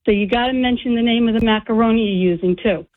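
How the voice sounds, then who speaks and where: A woman's voice: a little high, quick pace. A woman calling in to a radio show, talking emphatically about her cooking. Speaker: caller. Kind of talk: phone call into radio show. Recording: tinny phone line.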